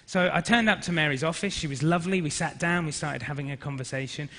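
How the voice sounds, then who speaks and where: A man's voice: a little high, fast, a little hiss or hum. Man telling a story in a hall. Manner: lively anecdotal storytelling with acted-out quotes. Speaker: speaker at a business forum. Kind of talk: storytelling talk to an audience. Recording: reverberant hall.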